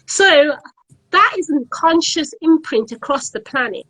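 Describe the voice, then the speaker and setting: Yüksek sesli, ciddi İngiliz kadın. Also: female voice, sits high, expressive, unhurried, a bit bright, low-quality recording. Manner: earnest, repeats words while searching. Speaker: event organiser, guest. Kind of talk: casual discussion on an online live stream. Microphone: online live stream.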